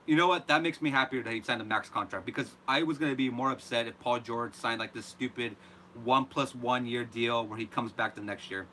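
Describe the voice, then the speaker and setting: A man hosting a live reaction show, ranting in an animated, exasperated way. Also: medium pitch, fairly quick, slight background noise. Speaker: host.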